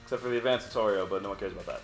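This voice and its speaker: A man's voice: on the low side, racing. A man hosting a let's play, talking casually and rambling through co-op gameplay commentary with the odd swear. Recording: echoey room, faint game music.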